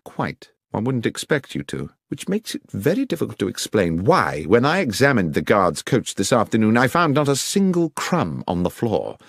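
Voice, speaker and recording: A man's voice: lowish voice, wildly swooping pitch, normal speed, hardly any pauses, no echo, studio quality, voice pushed up, full character voice. A man playing a commanding, incisive detective. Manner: crisp, commanding, precise diction. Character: brisk, incisive older male detective. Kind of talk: audiobook character reading.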